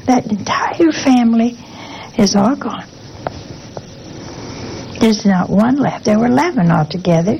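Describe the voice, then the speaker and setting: A woman's voice: fairly high pitch, very animated, a little slow, gravelly, pauses often, darkish tone, slight background noise, rough recording. An older religious sister giving an informal sermon in a folksy way, full of rhetorical questions and asides to her listeners. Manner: folksy, asks rhetorical questions with a teasing "huh?".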